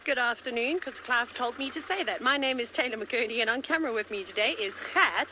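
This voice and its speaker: Her fairly high, brisk voice sounds pushed and bright on a low-quality recording with a little hiss or hum. She's a safari field guide doing live commentary from a game-drive vehicle, chatty and enthusiastic, addressing kids despite a tickle in her throat.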